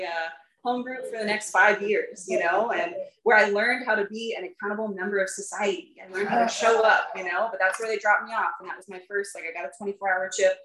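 Woman speaker sharing her story, mid-pitched, conversational and self-mocking, in an echoey room. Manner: candid, chatty, lots of fillers; laughs at herself. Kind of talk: personal recovery testimony to a group. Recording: roomy echo.

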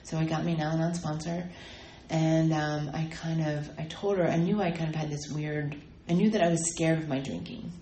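A woman shares her recovery story in a halting way, stopping often for ums and fresh starts. Her voice sits low and warm, and it rings in an echoey room over faint background ambience. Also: steady tone, slight background noise. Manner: halting, many ums and restarts. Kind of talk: personal testimony talk.

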